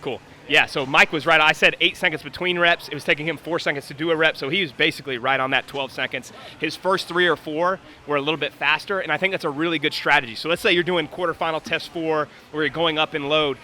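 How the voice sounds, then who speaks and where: A man's voice: a little high, fairly even intonation, fast talker, hardly any pauses, bright, forceful tone. A man coaching and commenting live on a workout in a gym, explaining technique and calling out times.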